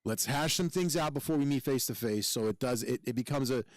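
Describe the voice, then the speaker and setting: A man's voice: mid-range voice, a little fast, no room sound. Blunt, profane man telling a story. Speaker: podcast co-host; firefighter. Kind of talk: casual chat.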